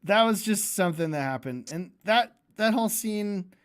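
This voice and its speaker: A man ranting casually on a livestream, profane and sarcastic, rambling and breaking into shouted impressions. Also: sits high, lively intonation, moderate pace, smooth. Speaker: streamer.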